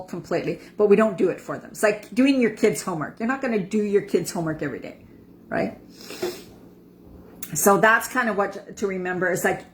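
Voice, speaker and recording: A woman's voice: lowish voice, a little hiss or hum. A woman in her fifties giving a casual motivational talk as an empowerment coach, chatty and repeating words for emphasis. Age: 50s.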